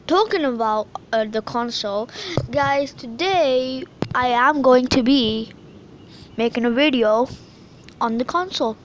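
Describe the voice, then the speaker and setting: High-voiced excitable gaming woman. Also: measured pace, a little hiss or hum. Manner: excitable, frustrated, yelling at opponents. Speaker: gameplay commentator. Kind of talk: live gameplay commentary. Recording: voice over game music.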